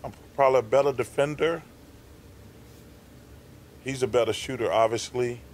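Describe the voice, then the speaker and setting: A man answering an interview question quietly and haltingly, with many fillers. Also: medium pitch, slight background noise.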